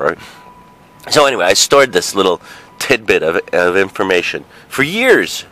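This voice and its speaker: Telling a childhood tale in a loose monologue, a vlogger in his forties rambles and swears, leaning on fillers and asides. He has a lowish, slightly bright voice and speaks at normal speed.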